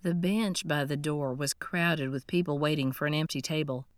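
A woman reads a first-person story in a steady, scripted narration. Her voice sits on the low side, and the recording is dry and close with no room sound. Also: moderate pace, no echo. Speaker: audiobook narrator.

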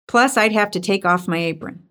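A woman's voice: mid-range voice, brisk, a bit bright, smooth, lightly acted. A woman reading aloud and voicing a stern, bossy older church housekeeper who speaks in an accusing, disdainful way.

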